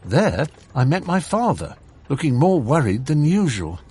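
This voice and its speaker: A man narrating an audiobook in an expressive, measured storytelling manner. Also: fairly high pitch, breathy edge.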